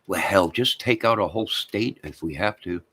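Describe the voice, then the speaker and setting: A man's voice: low-pitched, normal speed, a bit bright. A man hosting a livestream, rambling crudely and talking to his chat viewers. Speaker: livestream host.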